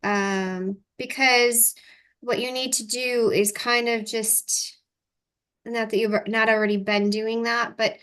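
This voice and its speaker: A woman's voice: a little high, pushed and bright. Encouraging woman coach guiding breathing. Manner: encouraging, repeats affirmations with breath cues. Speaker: energy clearing coach. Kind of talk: guided breathing and coaching session.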